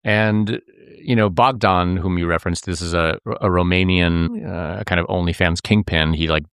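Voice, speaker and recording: A man with a very low voice speaks earnestly in a relaxed interview, often stumbling and restarting mid-sentence. The recording is dry and close. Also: clean tone, no room sound. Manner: earnest, halting, with frequent restarts and filler words. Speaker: reporter and podcast co-host, interview guest. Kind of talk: conversational interview.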